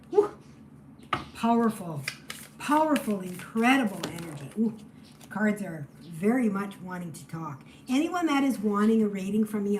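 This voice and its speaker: A woman giving a spiritual tarot reading, emotional and shifting between loud exclamations and hushed near-whispers. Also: medium pitch, a little hiss or hum, low-quality recording. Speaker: tarot reader.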